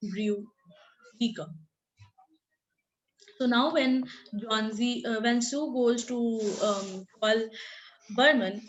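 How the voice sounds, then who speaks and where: A woman's voice: on the high side, rough recording. A woman teacher explaining a short story in a recorded lesson, talking hesitantly with many fillers and restarts and often asking "right?". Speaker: literature teacher.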